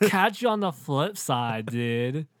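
A man voicing a laid-back young surfer dude with a slow, drawn-out drawl. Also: fairly high pitch, big pitch swings, no echo, studio quality. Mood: goofy.

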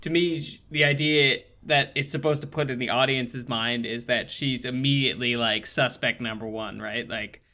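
A man in casual chat, picking apart a TV show's characters in quick asides. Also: medium pitch, fairly even intonation, sharp tone. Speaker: podcast co-host. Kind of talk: casual chat about a TV show.

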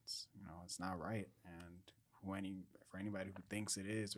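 Lowish-voiced man chatting earnestly. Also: little pitch movement, brisk, hardly any pauses. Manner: earnest and emphatic, leans on "you know". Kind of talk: casual chat.

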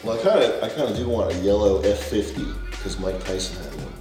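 Low-voiced man in an echoey room. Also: expressive, fast. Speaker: podcast co-host. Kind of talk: casual chat. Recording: echoey room, mic at a distance, faint music.

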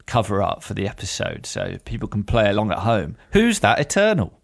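A man with a low, gravelly voice hosts a casual podcast chat. His humor is dry and self-deprecating. The sound is close and dry, with little room echo. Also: wildly swooping pitch, brisk. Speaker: podcast host.

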